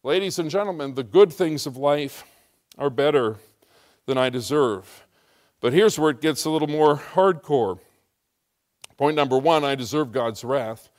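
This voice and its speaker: A man's voice: on the high side, unhurried, darkish tone. A middle-aged American man preaching a sermon as pastor, telling a story with emphatic rising intensity. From United States.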